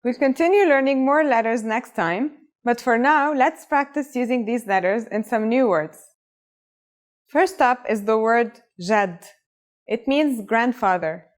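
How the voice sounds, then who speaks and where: This is a woman teaching a scripted lesson, speaking. Her voice sits a little higher than most, and her delivery is upbeat and encouraging as she talks the viewer through each step. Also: animated, unhurried. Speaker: language teacher.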